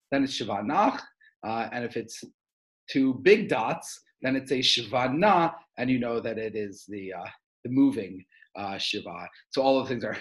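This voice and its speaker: A man's voice: medium pitch, low-quality recording. A man giving a lecture, explaining step by step with frequent "uh" fillers and "right?" checks to his listeners. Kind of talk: recorded lecture.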